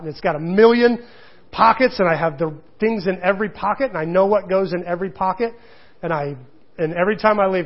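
Guy pastor preaching, kinda high husky voice, jokey storytelling, bit muffled. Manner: storytelling, self-deprecating, animated. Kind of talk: sermon.

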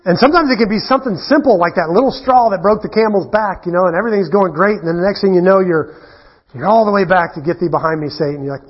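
A man preaching a sermon in a conversational, animated way, full of rhetorical questions. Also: sits high, fast talker, husky, lo-fi sound. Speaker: pastor.

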